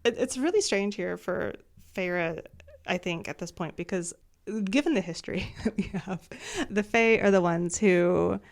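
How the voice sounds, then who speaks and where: Chatty woman with a gravelly edge. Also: fairly low pitch. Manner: chatty, animated retelling, quick character impressions. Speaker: podcast co-host recapping a book. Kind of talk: casual chat.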